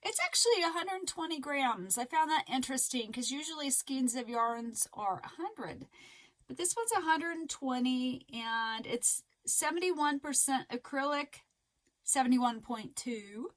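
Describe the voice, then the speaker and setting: A woman chatting casually in a crochet vlog, rambling and excitable with lots of fillers. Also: high voice, a little slow, low-quality recording. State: a little out of breath. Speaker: crochet vlogger.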